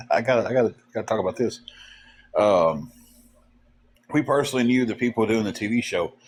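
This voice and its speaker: Man, low-pitched, rambling casual livestream host. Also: a little hiss or hum. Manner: rambling, halting, many fillers. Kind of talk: casual storytelling chat.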